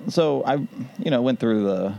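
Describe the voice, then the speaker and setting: A man's voice: medium pitch, lively intonation, normal speed, creaky, mellow, highs cut off. A man co-hosting a casual podcast, rambling through his ideas and laughing at them. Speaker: podcast co-host.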